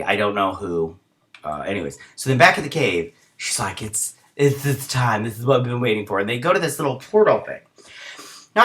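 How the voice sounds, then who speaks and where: Reviewing a TV episode as a show host, a man with a mid-range, bright, forceful voice rambles through a casual recap. He's chatty, leaning on fillers such as "he's like", and slips into quick voices to briefly play the characters.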